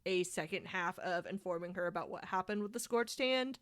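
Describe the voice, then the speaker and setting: A young woman chatting as a player in a tabletop game, joking and quick to laugh. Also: on the low side, a bit bright, no echo. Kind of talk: casual tabletop chat.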